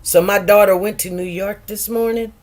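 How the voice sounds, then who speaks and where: A woman's voice: medium pitch, fairly even intonation, moderate pace, a little mellow. A middle-aged woman chatting casually on a livestream, greeting viewers by name and stretching out some words. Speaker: livestream host.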